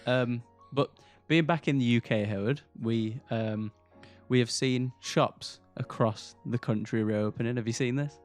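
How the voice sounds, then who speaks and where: A man's voice: medium pitch, unhurried, few pauses, soft background music. A man from the UK co-hosting a podcast, chatting casually, often restarting his sentences and swearing offhandedly. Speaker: podcast co-host. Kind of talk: casual chat.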